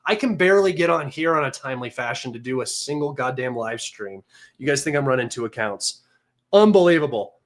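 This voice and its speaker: A man hosting a livestream, talking in a mocking, sarcastic and combative way, excitable and a little manic. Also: medium pitch, fairly quick. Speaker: livestream host. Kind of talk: casual livestream commentary.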